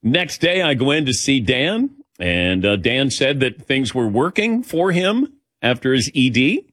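A man's voice: medium pitch, very animated, unhurried, a bit bright, dry recording, studio quality. A man hosting a sports talk show, telling anecdotes in a casual way and acting out the dialogue. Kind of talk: casual radio show storytelling. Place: radio studio. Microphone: studio microphone.

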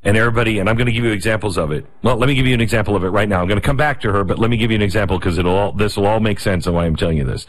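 A middle-aged man hosting a talk show, delivering a rapid, sarcastic opinion monologue. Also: fairly low pitch.

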